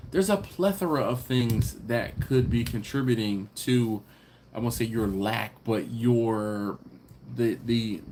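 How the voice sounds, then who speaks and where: Man from Philadelphia, stream host, lively swooping delivery, faint background hiss. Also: medium pitch. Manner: animated, laughs often, reads comments aloud. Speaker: livestream host reading chat. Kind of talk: casual live chat.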